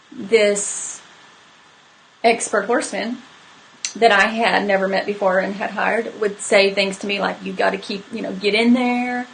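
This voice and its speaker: A woman's voice: mid-range voice, slight background noise, poor audio. A woman telling a personal story to live viewers in a candid, conversational way, with many fillers. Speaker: horse trainer hosting a live stream.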